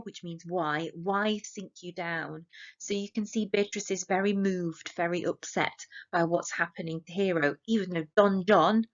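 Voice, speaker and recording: An English woman teaching a play for exam revision, explaining steadily and reading the quotations aloud without dramatizing them. Her voice sits at an ordinary middle pitch. The recording is a little dull and lo-fi. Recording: slightly dull lo-fi audio.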